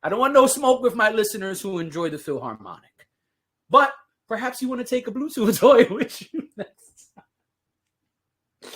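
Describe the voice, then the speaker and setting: This podcast host talks in a loose, casual monologue at a middle pitch. They joke and tease constantly, break into laughter and toss off sarcastic asides. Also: lively intonation, normal speed, long pauses. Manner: playful, joking, sarcastic asides; laughs often while talking. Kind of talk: casual solo podcast talk.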